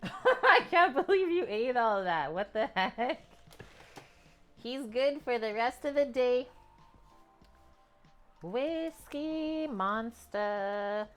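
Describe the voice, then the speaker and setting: A woman's voice: a little high, expressive, slow pace, a bit bright. Canadian lady chatting on her cooking stream, easygoing, lots of "like"s, home kitchen, a little music in the back. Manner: chatty, loose, with frequent "like" fillers. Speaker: cooking livestream host. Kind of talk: casual stream chat.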